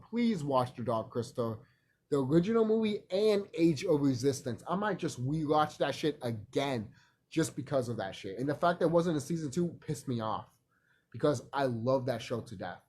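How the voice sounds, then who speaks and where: A man vlogging in a rambling, profane casual monologue, animated and laughing often. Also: a little high, breathy edge.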